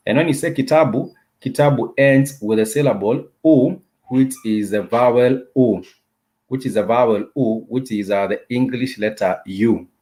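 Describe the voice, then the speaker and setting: A man teaching a casual online language lesson, who explains patiently, repeats key words slowly and often restarts with hesitant fillers. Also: mid-range voice, a little mellow.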